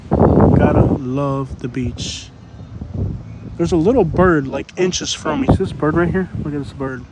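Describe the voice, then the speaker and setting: A man's voice: fairly high pitch, a little slow. A man hosting a casual livestream outdoors on a beach, rambling and repeating himself as he reads out comments. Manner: rambling, repeats phrases, laughs often. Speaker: livestream host. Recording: outdoor noise, passing vehicles.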